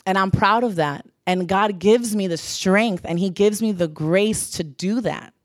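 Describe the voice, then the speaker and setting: A woman's voice: mid-range voice, a little slow, no room sound, studio quality. A young adult woman giving an earnest sermon, repeating phrases for emphasis. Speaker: church speaker.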